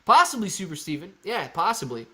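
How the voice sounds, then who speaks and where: Excitable male livestream host. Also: high-pitched, a little fast. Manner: excited, calls out prices like an auctioneer. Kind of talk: live stock-market chat reading viewer comments.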